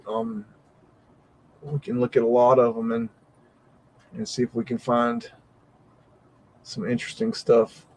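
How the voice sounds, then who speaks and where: A man's voice: medium pitch, darkish tone, a little hiss or hum, rough recording. A man hosting a live stream, thinking aloud and exclaiming in amazement, with frequent mild swearing. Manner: rambling, easily amazed. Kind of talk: live reaction commentary.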